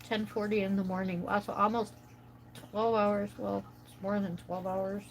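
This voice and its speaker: An American woman hosts a laid-back coloring livestream from her home in the United States, chatting and rambling to viewers while she colors. Her medium-pitched voice stays fairly level, moves at a normal speed, and carries some vocal fry. The audio is poor, with slight background noise.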